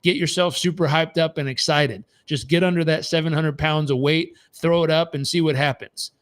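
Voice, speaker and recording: A man's voice: fairly high pitch, fairly even intonation, moderate pace. A man running a live motivational coaching session with an emphatic, repetitive delivery, often stumbling and restarting his sentences. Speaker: performance coach.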